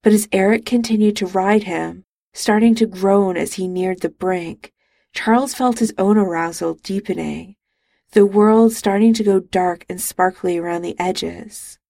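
A woman narrates a romance audiobook in a calm, even storytelling manner. Her voice is slow and gravelly with a slight fry, and the close studio mic keeps it dry. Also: medium pitch, no room sound.

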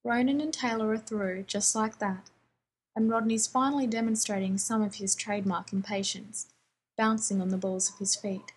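Female story reader, calm and even delivery, strongly breathy tone. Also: medium pitch, normal speed, rough recording. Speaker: audiobook reader. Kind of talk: reading fan fiction aloud.

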